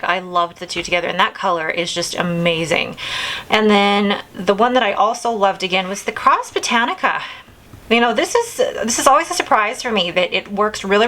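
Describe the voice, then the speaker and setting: A woman's voice: medium pitch, pushed and bright, low-quality recording. A woman in her thirties hosting a casual video, chatting enthusiastically and rambling a little as she talks through her things. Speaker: vlog host. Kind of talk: casual chat.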